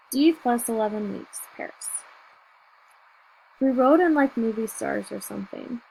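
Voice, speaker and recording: Woman audiobook reader, first-person novel, steady and measured, gravelly, fairly high. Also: rough recording.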